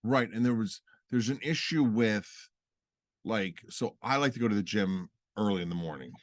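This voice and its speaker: A man's voice: lowish voice, expressive, moderate pace, no echo, studio quality. A middle-aged man co-hosting a podcast in casual chat with his wife, teasing and playful, laughing often. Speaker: podcast co-host.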